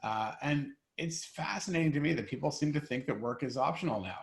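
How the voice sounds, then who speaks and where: Employment lawyer in an echoey room. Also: male voice, medium pitch, brisk. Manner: clear, structured, emphatic explanations. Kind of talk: webinar Q&A explaining law.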